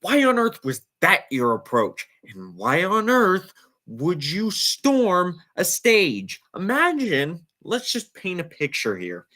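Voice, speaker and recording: A man's voice: sits high, huge pitch swings, slow, sharp tone. A man hosting a casual sports talk show, emphatic and incredulous as he breaks things down. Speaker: podcast host.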